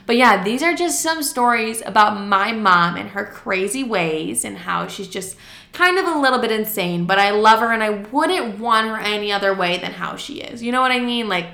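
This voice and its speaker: A woman's voice: medium pitch, animated, normal speed, vocal fry, sharp tone. A young adult woman hosting a podcast, telling a story in a chatty, casual way with lots of "like" and free swearing. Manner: chatty, heavy use of "like", swears freely. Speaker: podcast host. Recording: roomy echo.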